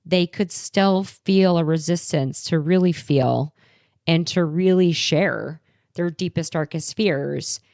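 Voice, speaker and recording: Low, gravelly woman co-hosting a chat. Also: takes it slowly, a little mellow, no echo. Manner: candid, storytelling, affirming. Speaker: podcast co-host. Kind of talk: casual chat.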